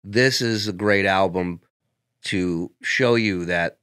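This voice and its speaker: A male comedian on a podcast telling casual, profane stories in an animated way. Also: sits low, slow pace, clear, resonant tone, dry recording, clean studio sound. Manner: animated, profane anecdotes with laughs. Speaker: guest comedian.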